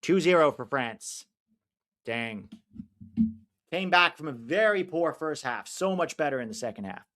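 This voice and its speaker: Lively American man hosting a live stream. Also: on the high side, normal speed, hardly any pauses. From United States. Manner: chatty, answers viewers' comments, bursts of excitement at chances. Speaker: watch-along host. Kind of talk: live-stream chat and match reactions.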